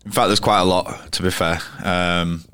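A man's voice: low voice, level tone, normal speed, a bit bright, clean tone. A man in his thirties, a cricketer guest telling anecdotes in a rambling, casual way full of restarts. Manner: rambling, frequent restarts and fillers. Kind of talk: casual storytelling interview.

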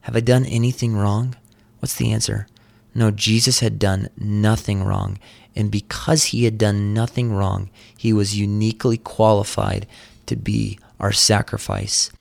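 A man's voice: lowish voice, flat delivery, measured pace, vocal fry, darkish tone. A man preaching a sermon, retelling a scripture passage vividly and earnestly. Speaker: pastor.

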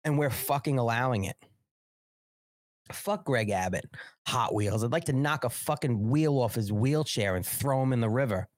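A man's voice: medium pitch, lively intonation, moderate pace, no echo, clean studio sound. Profane, ranting male talk show host. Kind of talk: live-streamed political commentary.

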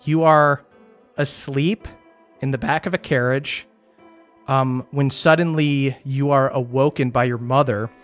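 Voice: medium pitch, steady tone, unhurried, faint music behind. A game master narrating a tabletop game in a casual manner, laughing and swearing freely.

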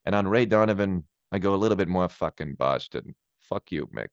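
A menacing middle-aged tough guy, put on by a man, speaking very low and quiet with a gravelly swagger. The sound is close, dry and slightly dull. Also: animated, fairly quick, no room sound. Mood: gruff.

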